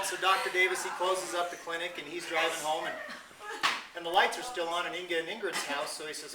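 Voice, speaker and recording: A man's voice: on the high side, steady tone, fast. A man telling a long, folksy joke at a family reunion, rambling and restarting as he goes. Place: indoor room at a family gathering. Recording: roomy, distant home video with noise.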